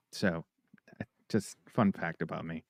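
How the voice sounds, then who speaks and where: A man's voice: sits low, slow, no echo, studio quality. A man co-hosting a podcast, telling stories in a playful, teasing way. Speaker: podcast co-host. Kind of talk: casual podcast chat.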